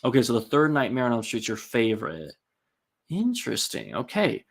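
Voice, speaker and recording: A man's voice: mid-range voice, huge pitch swings, moderate pace, creaky. A man hosting a casual live-stream, rambling and chatty with many ums and likes as he reads out and answers viewer comments.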